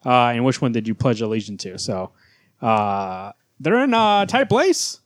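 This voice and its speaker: A man's voice: mid-range voice, big pitch swings, measured pace, no echo, clean studio sound. Blunt, teasing man in casual chat. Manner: teasing, blunt, curses freely. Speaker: podcast co-host.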